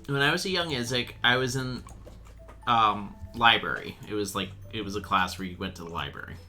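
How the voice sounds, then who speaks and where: A young man chatting while he plays a game, telling a rambling, animated story and swearing freely. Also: lowish voice, a little fast, soft background music. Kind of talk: casual storytelling chat.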